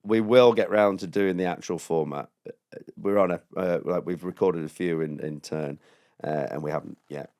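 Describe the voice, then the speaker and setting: A man's voice: low voice, steady tone, moderate pace, darkish tone, dry recording, studio quality. A male comedian telling a long story on a podcast, laughing and acting out other people's lines in raised voices. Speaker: comedian guest. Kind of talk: casual podcast chat, storytelling.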